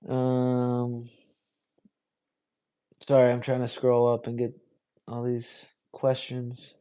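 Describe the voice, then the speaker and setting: A man's voice: mid-range voice, completely flat delivery, slow pace, warm tone, clear, resonant tone, low-quality recording. A young man hosting a live stream, answering viewer questions in an easygoing, rambling way full of fillers. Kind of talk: casual live Q&A chat.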